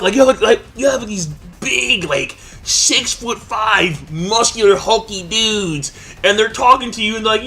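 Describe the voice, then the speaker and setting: A man's voice: high-pitched, lively intonation, a little slow, a bit bright, a little hiss or hum. A man giving a casual, rambling recap of an anime episode, full of slang and filler words. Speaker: anime reviewer.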